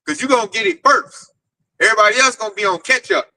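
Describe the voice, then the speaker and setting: A man preaching casually to an online audience in an animated, slangy, streetwise way. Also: sits high, fast, poor audio. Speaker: teacher leading a group discussion.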